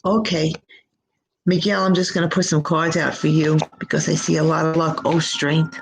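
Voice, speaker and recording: Gravelly, gushing psychic woman. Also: deep voice, level tone, a little hiss or hum, poor audio. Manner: gushing, affectionate, drawn-out words. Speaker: psychic reader. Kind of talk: live-stream tarot reading.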